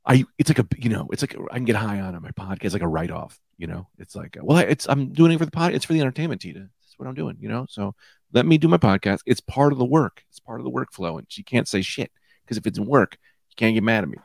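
A man in his thirties hosting his own comedy podcast, high and rambling loosely from one tangent to the next. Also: expressive, quick pace, gravelly, husky, dry recording, clean studio sound. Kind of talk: casual comedic monologue. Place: small room with lights out.

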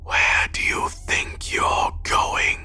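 A man voicing a menacing, inhuman gray man in a horror audio story, in a wet, gurgling, snarling whisper that breaks into shouts. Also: drawn-out words, heavily acted. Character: menacing gray man, an eerie male specter.

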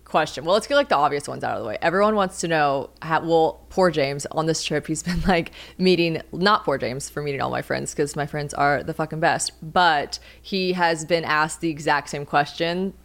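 A woman's voice: deep voice, moderate pace, few pauses. A young woman with a Southern US accent hosting a podcast, chatting in a bubbly, rambling, teasing way. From American South. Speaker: podcast host. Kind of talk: casual chat.

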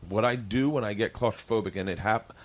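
Male podcast host, low-ish voice, animated and profane storyteller who does the voices in his tales. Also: a little fast. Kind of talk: casual storytelling chat.

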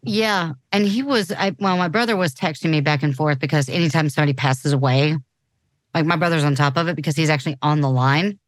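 A woman's voice: low voice, steady tone, brisk, no room sound. A woman in her forties co-hosting a podcast in casual chat, talking loosely with many restarts. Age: 40s. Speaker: podcast co-host.

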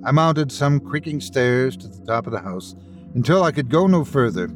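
A man hosting and narrating a classic ghost story in a dramatic, expressive reading. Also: medium pitch, moderate pace, faint music behind. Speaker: host and storyteller.

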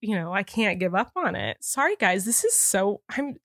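Lady on a podcast, choked up and teary but chatty, talks fast and animated, mid-pitch voice, dry close sound. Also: dry recording. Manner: rapid, animated talk broken by laughs. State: tearful and emotional. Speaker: podcast co-host. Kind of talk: casual chat.

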